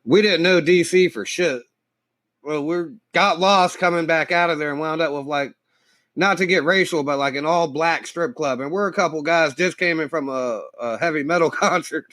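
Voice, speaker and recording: A man's voice: a little high, normal speed, a bit bright, no echo. A man in a casual podcast chat, telling laid-back anecdotes and laughing often.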